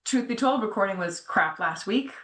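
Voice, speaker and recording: A middle-aged woman telling a personal story in a candid, animated way, often slipping into the voices of people she quotes. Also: mid-range voice, normal speed, soft background music. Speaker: podcast co-host. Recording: echoey room.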